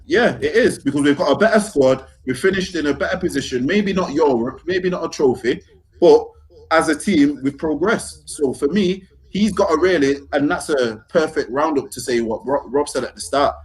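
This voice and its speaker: Slangy man, fairly high voice. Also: animated, normal speed. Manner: slangy, keeps asking if you get what he's saying. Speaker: podcast co-host. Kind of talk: casual football podcast chat.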